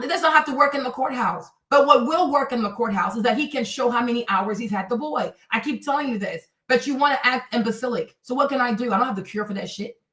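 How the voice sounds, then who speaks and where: A woman's voice: a little high, fairly bright tone, reverberant, distant mic, rough recording. A woman livestreaming commentary, reading and answering her chat in a blunt, scolding way, repeating her points.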